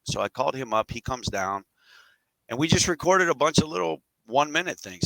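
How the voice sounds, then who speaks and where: A man's voice: on the low side, expressive, a little fast, vocal fry, fairly bright tone, dry recording, poor audio. A middle-aged man telling his story as a podcast guest, candid and rambling with casual slang.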